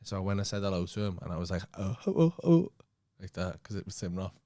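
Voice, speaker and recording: Speaking in a low voice at a racing pace, this Liverpool-accented comedian and podcast co-host tells a casual anecdote. He's animated, swears freely, and performs what other people said.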